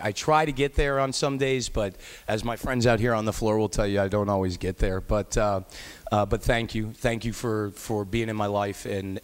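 Man, lowish voice, farewell floor speech, rambling, affectionate, lots of ums. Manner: rambling, affectionate, many fillers and restarts. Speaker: state legislator giving farewell speech. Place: legislative chamber floor.

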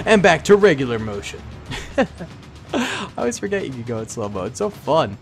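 A young man giving excitable let's-play commentary, yelping and laughing often. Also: high voice, measured pace, faint music behind. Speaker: gaming YouTuber.

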